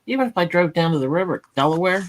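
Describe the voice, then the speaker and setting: A chatty woman with a strong New Jersey accent. Her voice sits fairly low but swings widely in pitch as she talks bluntly and tells stories on a live panel. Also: expressive, fast talker. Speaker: panel host. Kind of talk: casual chat on a live panel.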